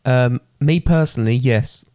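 A young man in his twenties plays the quiz contestant and answers with jokes and wisecracks. His voice sits at a mid pitch, and the recording is dry and close. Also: a little slow, warm tone, no echo. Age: 20s. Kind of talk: casual quiz chat.

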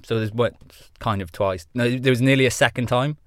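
A man's voice: medium pitch, brisk, no echo, studio quality. A man from Wales chatting casually as a podcast guest, laddish and laughing, full of slang.

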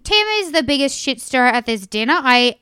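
A woman's voice: high-pitched, expressive, brisk, sharp tone, clear, resonant tone, no room sound, clean studio sound. A young woman co-hosting a casual recap chat, frank and openly irritated, swearing freely. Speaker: podcast co-host.

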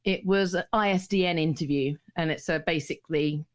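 A middle-aged woman who is a radio DJ, appearing as a guest, tells stories in a casual, rambling chat. Her low-pitched voice runs a little fast, with many restarts, and she laughs easily.

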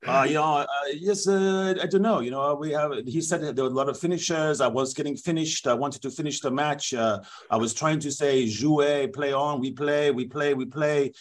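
A man voicing a bumbling, apologetic male French rugby referee in a comedy sketch, with a mock French accent and a hesitant, sheepish manner full of pauses. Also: fairly high pitch, close to an everyday voice. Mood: flustered.

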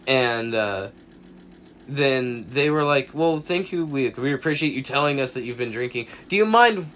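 A man's voice: mid-range voice, moderate pace, a little hiss or hum. Young man telling a rowdy story. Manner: animated anecdote teller, acts out quotes, swears often. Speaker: podcast co-host. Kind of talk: casual storytelling chat.

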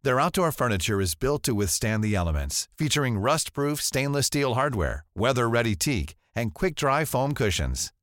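A male announcer reading a scripted ad with smooth, upbeat energy. His voice moves lively up and down and sits dry and close to the mic. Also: mid-range voice, normal speed, few pauses, no echo. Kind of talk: scripted ad read.

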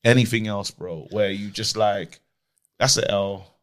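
A man's voice: fairly low pitch, fairly even intonation, a little slow. A man, co-hosting a casual podcast, teasing the others in laid-back banter. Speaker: podcast co-host. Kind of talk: casual chat.

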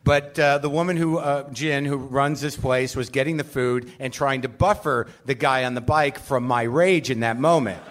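A man's voice: medium pitch, steady tone, moderate pace, hardly any pauses. A man hosting a show live on stage, delivering a rambling, self-deprecating comic rant full of profanity. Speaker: podcast host. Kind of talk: live comedic monologue.

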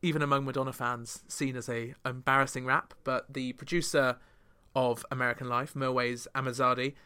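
A man's voice: mid-range voice, little pitch movement, fairly quick, pushed and bright, clear, resonant tone. A man hosting a podcast chart countdown, chatting through the songs with wry, joking asides. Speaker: podcast host.

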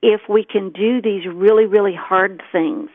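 A woman's voice: medium pitch, fairly even intonation, unhurried, dry recording. Middle-aged woman on a tinny phone line. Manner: earnest, retells dialogue in her story. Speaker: co-host. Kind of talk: casual storytelling chat.

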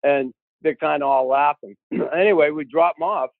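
Gravelly man telling a story over tinny audio. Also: on the high side, moderate pace, no echo. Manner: animated, acts out quoted voices. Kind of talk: casual storytelling.

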